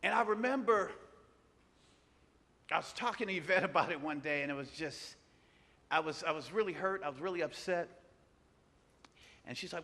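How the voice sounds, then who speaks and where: A man preaching a sermon, telling a personal story with animated delivery and acting out the voices of the people in it. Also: high voice, moderate pace, long pauses. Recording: long hall reverb.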